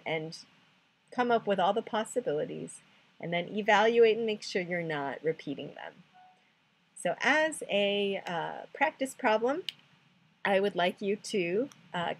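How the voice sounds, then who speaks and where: A woman's voice: medium pitch, breathy edge. A woman teaching a recorded chemistry lesson, explaining patiently step by step, counting aloud and making self-deprecating jokes. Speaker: chemistry tutor.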